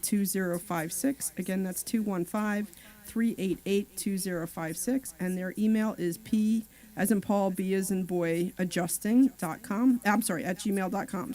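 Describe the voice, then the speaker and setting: A woman co-hosting a talk radio show, chatting and reading out sponsor phone numbers and web addresses slowly. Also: fairly low pitch, a little mellow.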